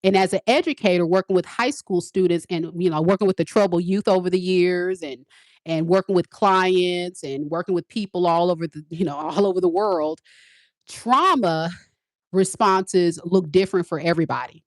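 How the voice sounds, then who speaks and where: A woman in her forties, a tarot reader, answering viewers in a candid, sassy, animated live-stream chat. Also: fairly low pitch, moderate pace, no room sound, clean studio sound. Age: 40s. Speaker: tarot reader and spiritual advisor.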